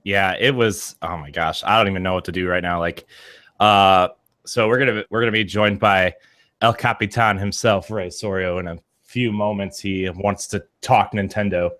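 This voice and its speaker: Excitable low-voiced man gushing over games. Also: normal speed. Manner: excitable, gushing, rambling with many "like"s. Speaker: co-host of a live watch stream. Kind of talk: casual gaming chat.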